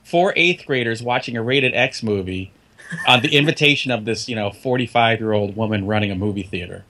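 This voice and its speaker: A man's voice: lowish voice, brisk, slight background noise. A middle-aged man co-hosting a horror podcast, telling stories in casual chat and laughing often. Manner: animated storyteller, laughs often. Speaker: podcast co-host.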